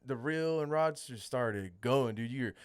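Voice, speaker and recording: A man's voice: mid-range voice, a little slow, clean tone, no room sound. A young man on a podcast casually telling a rambling, profanity-filled fishing story and saying "dude" often. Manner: laid-back, rambling, swears a lot, says "dude".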